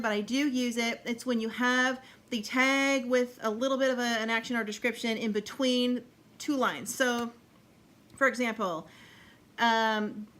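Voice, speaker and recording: A writing instructor with a slightly high, somewhat bright voice gives a chatty video lesson explaining fiction writing. She acts out sample lines of dialogue and laughs every so often.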